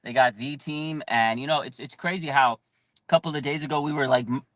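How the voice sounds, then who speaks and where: A man hosting a live fan channel, talking in excited bursts with frequent shouts and lots of "like". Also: medium pitch, brisk, no echo.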